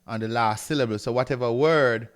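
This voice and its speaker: A man's voice: mid-range voice, a little fast, clean tone. A man teaching a recorded grammar lecture, explaining step by step and often checking in with "right?" while he reads from a textbook and writes on a board. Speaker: Greek teacher.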